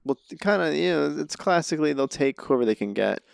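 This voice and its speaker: A man's voice: a little high, animated, brisk, creaky, clear, resonant tone, no room sound, clean studio sound. A man, a podcast guest who acts and does comedy, telling self-deprecating stories in casual conversation. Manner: self-deprecating storytelling, laughs at himself.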